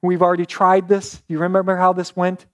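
A man's voice: sits high, completely flat delivery, a little fast, fairly bright tone. A man voicing a frustrated prophet who pleads with a king in urgent, incredulous tones. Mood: exasperated.

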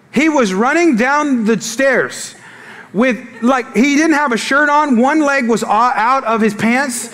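Animated, joking male pastor. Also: very high voice, normal speed. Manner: animated, joking storytelling to the congregation. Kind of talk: sermon.

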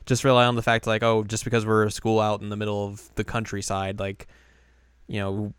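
Smooth-voiced man, casual rambling recap. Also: lowish voice, completely flat delivery, fairly quick, no room sound, studio quality. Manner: rambling, filler-heavy, often acts out lines. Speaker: podcast co-host. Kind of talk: casual chat recapping an anime.

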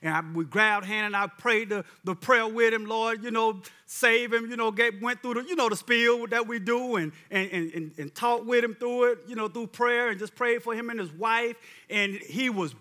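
A male preacher with a high, bright, ringing voice delivers a sermon. He talks in a loose, conversational way, repeating himself often, and presses his listeners with fervent exhortations. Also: normal speed, few pauses. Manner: conversational storytelling with frequent repetitions.

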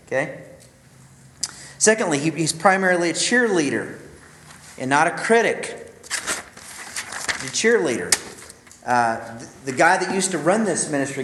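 A man's voice: a little high, a bit bright, echoey room, a little hiss or hum, poor audio. A man giving an earnest, confiding talk to a group of men, telling a personal story and speaking directly to his listeners. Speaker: ministry speaker.

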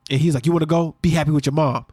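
Fast-talking man recapping on a podcast. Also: on the high side, dry recording, studio quality. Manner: fast-talking, animated storyteller. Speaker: podcast co-host. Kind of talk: casual recap chat.

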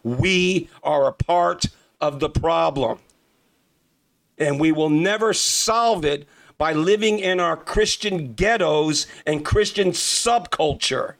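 Fervent preaching man, high voice. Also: slow pace. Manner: fervent, repeats key phrases, addresses listeners as brothers and sisters. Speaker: preacher hosting a podcast. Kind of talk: impassioned preaching.

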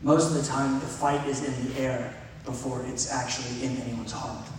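Middle-aged preacher in an echoey hall. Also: male voice, medium pitch, flat delivery, moderate pace. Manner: conversational, earnest preaching with asides to the congregation. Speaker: pastor. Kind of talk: sermon. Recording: echoey hall from far off, faint noise.

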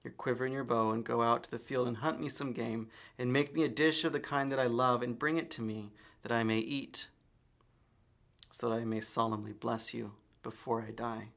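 A man's voice: mid-range voice, steady tone, normal speed, creaky, fairly bright tone. A man reading as an aged blind father, solemn. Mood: weary. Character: old blind father blessing his son.

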